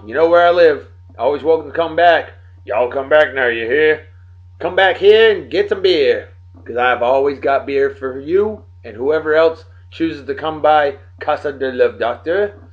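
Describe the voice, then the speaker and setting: A man hosting a daily beer and song show from home, rambling and joking as he gives birthday shout-outs to friends. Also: fairly high pitch, muffled recording. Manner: rambling, jokey, talks straight to friends. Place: home in Texas.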